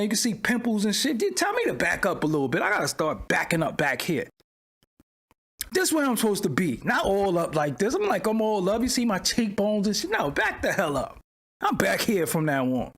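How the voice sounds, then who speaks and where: Animated, high-pitched livestream host. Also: male voice, brisk. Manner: loud, animated, swings from high exclaiming to low muttering. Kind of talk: casual livestream commentary. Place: home studio at his screen.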